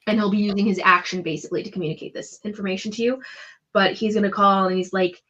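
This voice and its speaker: A woman runs a tabletop game and narrates the scene in a loose, chatty way. Her voice sits at a middle pitch and leans on plenty of fillers. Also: fairly even intonation, fast talker, fairly bright tone, muffled recording. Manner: descriptive, chatty, full of fillers. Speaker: game master.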